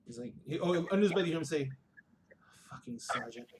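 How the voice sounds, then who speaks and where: A man narrating a tabletop game as dungeon master, halting and hedging with many restarts. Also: a little high, expressive, noisy background.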